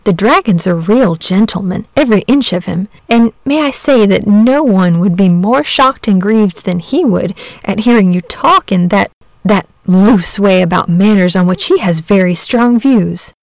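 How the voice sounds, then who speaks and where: A woman's voice: mid-range voice, animated, unhurried, a little mellow, no room sound. A woman voicing an earnest young village boy who pleads eagerly for his dragon friend in a storybook reading. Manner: eager, pleading, talks in a rush.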